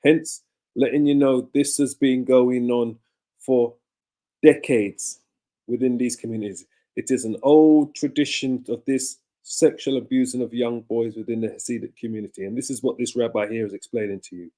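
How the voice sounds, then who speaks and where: Mellow-voiced man commenting emphatically. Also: medium pitch, steady tone, moderate pace. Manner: emphatic, repeats and explains points. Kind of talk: commentary on a played clip.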